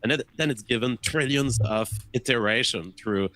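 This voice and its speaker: A man's voice: mid-range voice, moderate pace, a bit bright, no room sound, rough recording. A man in a conversation earnestly explaining his ideas, often repeating words as he thinks. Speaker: interview guest.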